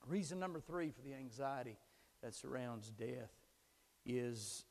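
A man preaching a sermon, moving from calm storytelling to fervent, shouted proclamation. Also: medium pitch, unhurried, gravelly, long reverb tail. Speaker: pastor.

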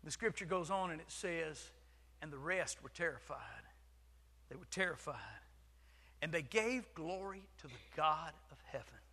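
A man preaching a sermon as pastor, swinging from shouting to hushed whispers. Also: fairly high pitch, lively intonation, unhurried. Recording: long hall reverb.

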